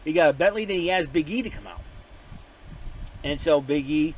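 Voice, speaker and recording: Rambling, excitable man recapping a show. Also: on the high side, normal speed, slight background noise, poor audio. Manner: rambling, excitable, many restarts. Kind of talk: casual spoken recap.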